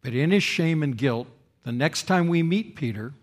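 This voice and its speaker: A man preaching a sermon, swinging between loud dramatic quotes and quiet, solemn passages. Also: on the high side, normal speed. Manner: expressive preaching, rising loud for quoted speech and dropping soft for solemn lines. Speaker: pastor.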